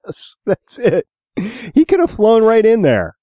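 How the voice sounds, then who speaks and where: A man's voice: sits high, huge pitch swings, takes it slowly, dark tone, dry recording, clean studio sound. A man co-hosting a podcast, chatting casually about films and sharing trivia with a laugh. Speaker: podcast co-host.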